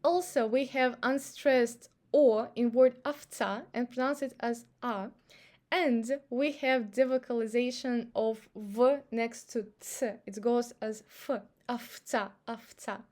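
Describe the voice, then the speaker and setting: Woman, Russian accent, native Russian speaker, language teacher, fairly high voice, patient step-by-step explanations. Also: steady tone, slow pace, darkish tone. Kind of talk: pronunciation lesson.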